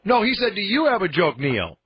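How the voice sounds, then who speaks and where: Lively high-pitched radio host. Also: male voice, fairly quick, husky. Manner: excitable, laughs a lot, announcer-like. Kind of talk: casual radio banter. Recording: slightly dull studio sound with music.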